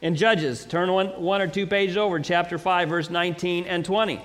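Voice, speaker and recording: A man preaching a sermon, reading scripture aloud and building to dramatic, slowly emphasized declarations. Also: sits high, steady tone, fairly bright tone, long reverb tail. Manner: preaching with dramatic swells and slow emphatic pauses.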